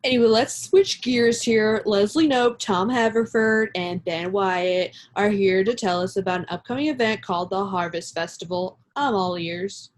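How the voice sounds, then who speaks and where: A woman reading the part of a loud, wacky male radio DJ. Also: medium pitch, normal speed, hardly any pauses, lightly acted.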